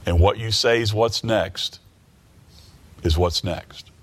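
A male preacher giving a sermon, reading scripture aloud and explaining it. He repeats phrases and stumbles while working through a thought, drops low and quiet when he voices the confession, and rises with emphasis on key words. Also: slow.

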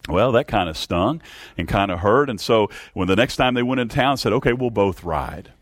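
A middle-aged man preaching a sermon as pastor, halting with many restarts and repeated words, asking his congregation questions. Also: fairly low pitch, expressive.

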